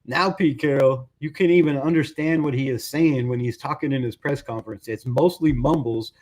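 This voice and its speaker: A man's voice: mid-range voice, brisk, hardly any pauses, darkish tone. A man hosting a fan channel, giving a casual, frustrated sports rant full of "bro" and "right?". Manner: frustrated, conversational, says "bro" and "right?" a lot.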